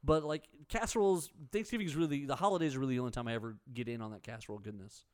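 A man co-hosting a casual talk show, telling jokey stories in animated banter. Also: mid-range voice, rapid-fire, clean tone. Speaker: podcast co-host.

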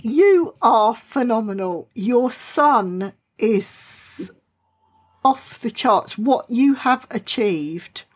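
Tearful slow-speaking woman interviewer. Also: fairly high pitch, animated, breathy edge. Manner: effusive, emphatic praise. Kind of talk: audio interview.

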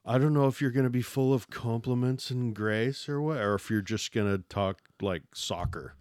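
A man's voice: medium pitch, moderate pace, a little mellow, dry recording, studio quality. A man co-hosting a podcast, joking and teasing in loose, rambling casual chat. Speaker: podcast co-host.

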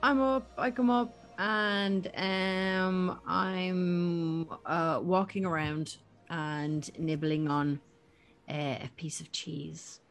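A woman's voice: fairly low pitch, flat delivery, drawn-out words, soft background music. A woman playing a tabletop game, speaking hesitantly with many fillers. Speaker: player. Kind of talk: casual tabletop game play.

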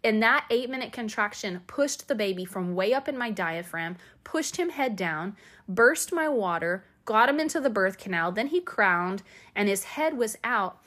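A woman hosting a podcast, telling a personal story in a candid, chatty way with asides, and acting out quoted lines with sudden high shouts. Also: expressive, moderate pace. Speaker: podcast host.

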